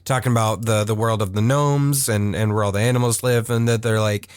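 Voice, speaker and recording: On a casual cartoon podcast, a male co-host with a lowish, steady, clear and resonant voice talks fairly quickly, laughing often as he discusses the episodes. The recording is clean studio sound with no room echo.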